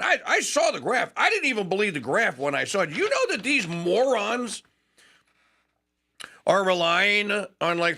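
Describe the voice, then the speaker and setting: A man hosting a talk radio show, ranting and sarcastic. He shifts between fast bursts and slow, stressed phrases. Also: high voice, sharp tone. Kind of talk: opinionated talk radio monologue.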